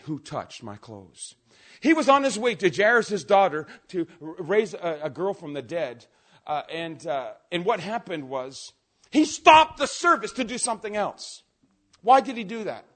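A man preaching a sermon, telling stories with energy and swinging between quiet asides and loud outbursts. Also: sits high. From Canada. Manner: animated storytelling, swings from soft to shouting.

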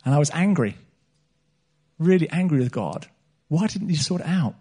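Man, middle-aged, preacher, earnest sermon, slightly high voice, repeats and restarts phrases. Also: animated, normal speed, mellow, husky. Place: church meeting hall.

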